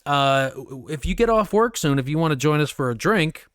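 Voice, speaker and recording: A man co-hosting a podcast with a slightly higher voice, recorded close and dry with no room sound. He tells the story loosely, swears often, and his pitch leaps up when he plays out what people said. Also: fairly quick, smooth, dry recording. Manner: relaxed, swears freely, acts out quotes in a higher voice. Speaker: podcast co-host. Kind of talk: casual storytelling chat.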